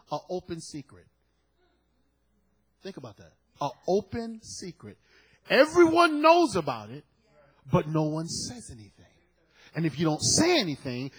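A man preaching a sermon, moving between quiet, low asides and loud, shouted peaks. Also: husky, rough recording.

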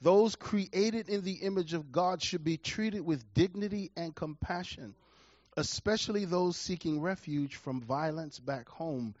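Emphatic preacher with a high voice. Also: male voice, unhurried, no room sound, lo-fi sound. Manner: emphatic preaching, repeats key phrases, swings from quiet to loud. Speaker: pastor. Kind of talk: sermon.

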